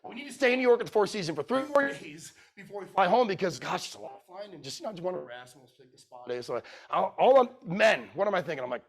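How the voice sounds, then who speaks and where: A middle-aged man tells a story to a conference audience and acts out the other people's lines as he goes. His voice sits high for a man and jumps around a lot. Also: fast talker, hardly any pauses. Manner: animated storyteller acting out dialogue. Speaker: keynote speaker. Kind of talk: storytelling sales talk. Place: conference room.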